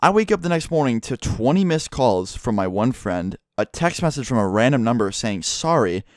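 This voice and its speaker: Young male YouTuber, casual storytime delivery, heavy swearing, mid-pitched voice, dry close sound. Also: moderate pace, no echo. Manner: profane, animated storytelling with acted quotes.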